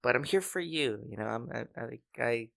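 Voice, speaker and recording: Gravelly, stammering male podcast co-host. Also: mid-range voice, animated, moderate pace, fairly bright tone. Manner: stammering, laughs often. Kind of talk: casual podcast banter.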